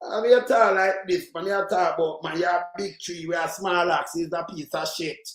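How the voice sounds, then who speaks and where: A Jamaican man rants angrily about politics on his own channel, rambling in patois and swearing often. His voice is high, steady and fairly bright, at a normal speed. The room sounds echoey.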